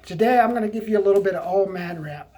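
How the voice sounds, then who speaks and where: A hoarse man telling a story in a casual vlog, rambling and indignant with frequent restarts. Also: high voice, fairly quick. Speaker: vlogger.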